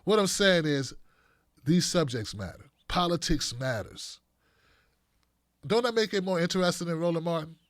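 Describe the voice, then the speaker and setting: A man's voice: fairly high pitch, expressive, moderate pace, pauses often, no room sound, clean studio sound. A man hosting a live show, reading out viewer donations and comments in a loose, joking way, laughing often. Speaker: host. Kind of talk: casual livestream chat reading donations.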